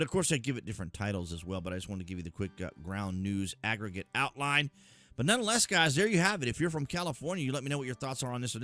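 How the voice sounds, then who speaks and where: A man hosting a political commentary channel, talking casually and emphatically, with frequent filler pauses. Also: mid-range voice, pushed and bright.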